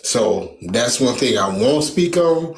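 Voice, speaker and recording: A man talking in a casual debate, hesitant and halting, often restarting his sentences. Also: medium pitch, lively intonation, vocal fry, reverberant.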